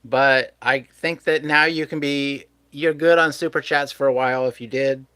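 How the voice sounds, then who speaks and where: A man's voice: medium pitch, fairly even intonation, normal speed, pushed and bright, no echo. A man hosting a live stream, chatting casually with his viewers and chuckling often. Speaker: livestream host.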